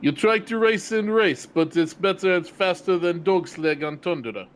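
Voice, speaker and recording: A man's voice: high-pitched, moderate pace, slight background noise, voice pushed up, close to an everyday voice. Man doing a boastful mock Russian racer, thick, clumsy accent.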